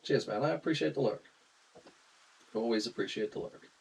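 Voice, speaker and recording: A man's voice: medium pitch, moderate pace, creaky, breathy edge, rough recording. A young Australian man casually chatting to viewers while streaming a game, laughing often and greeting chat.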